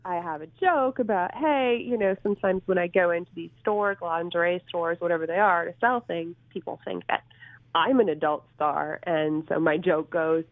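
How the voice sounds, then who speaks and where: A woman's voice: on the low side, moderate pace, no echo. A middle-aged woman from Minnesota, a stand-up comedian chatting as a guest in a casual interview, giggly and self-teasing. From Minnesota, USA. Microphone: phone line. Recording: tinny dry phone line.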